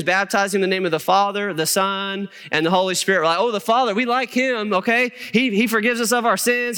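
Animated, bright-voiced male pastor preaching. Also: sits high, smooth, long reverb tail. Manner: animated storytelling with humor and asides to the congregation. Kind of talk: sermon. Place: church sanctuary.

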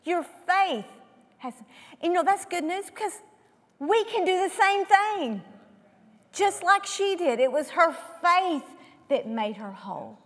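A woman preaching a sermon who asks rhetorical questions and moves between loud emphasis and hushed tones. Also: very high voice, lively intonation, slow, pauses often. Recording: long hall reverb.

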